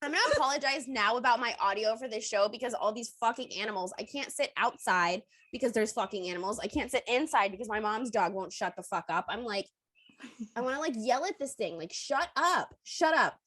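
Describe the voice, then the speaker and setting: A woman's voice: on the high side, fast, a bit bright, no echo. A young woman co-hosting a casual podcast, rambling and swearing freely while laughing often. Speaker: podcast co-host. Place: outdoors at her mother's home. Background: dog barking and squirrel noises.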